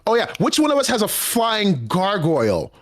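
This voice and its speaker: A man's voice: high voice, huge pitch swings, moderate pace, dry recording, studio quality. A man voicing a cocky young male hero who teases and brags to his father. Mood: boastful. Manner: teasing, boastful, playfully whiny.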